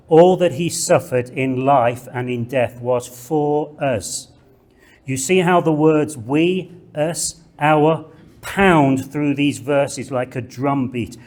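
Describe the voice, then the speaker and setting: A man giving a slow, deliberate theology lecture in a classroom, reading scripture aloud and stressing key words. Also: mid-range voice, darkish tone. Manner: slow, deliberate, emphatic delivery with measured pauses.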